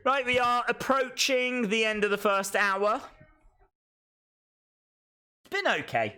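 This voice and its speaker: A man chatting through a live watch-along reaction stream. He is excitable and reads out viewer comments as he goes. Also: very high-pitched, slow pace, long pauses.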